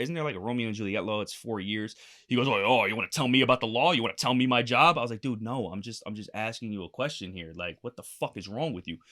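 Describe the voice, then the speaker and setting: A man's voice: fairly low pitch, a bit bright. A young man telling a story on a casual podcast, swearing freely and acting out the quotes. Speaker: podcast co-host.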